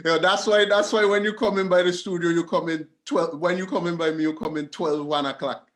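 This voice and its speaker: A man's voice: on the high side, a little fast. A man interviewing a guest casually, mostly giving short responses and easy questions. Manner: brief backchannels, relaxed questions.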